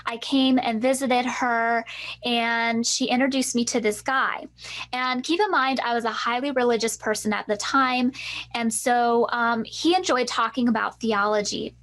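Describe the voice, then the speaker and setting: Earnest higher-voiced woman telling her story. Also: fairly even intonation, unhurried, a bit bright. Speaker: empowerment coach, co-host. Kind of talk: personal storytelling in a masterclass.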